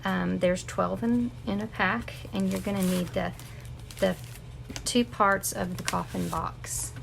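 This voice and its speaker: A woman's voice: medium pitch, steady tone, slow pace, vocal fry, background noise. A woman teaching a casual live crafting tutorial, chatting and rambling with asides to her viewers. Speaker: crafting instructor.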